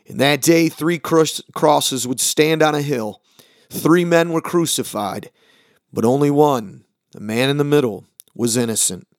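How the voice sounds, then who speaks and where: A man who is a pastor, giving an earnest sermon summary for a podcast, slowing and dropping his voice on key words. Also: dry recording, studio quality. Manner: earnest, dramatic pauses, drops low on key words. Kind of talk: short recorded sermon summary.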